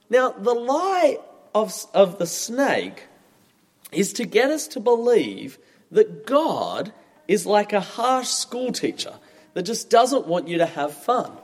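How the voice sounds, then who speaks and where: A man in his thirties preaches a sermon in a chatty, expressive way. His voice sits high and swings widely in pitch. The sound carries a long reverb from a large hall. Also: slow. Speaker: pastor.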